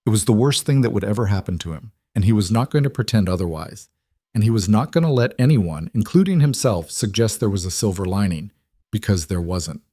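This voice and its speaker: A man reading a scripted story in a measured, calm manner. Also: fairly low pitch, no room sound, clean studio sound. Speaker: narrator.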